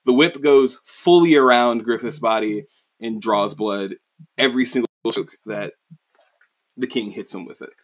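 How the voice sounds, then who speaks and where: Male podcast co-host, mid-pitched, rambling casual recap, heavy on fillers. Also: a little slow. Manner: rambling, heavy use of "you know" and "like".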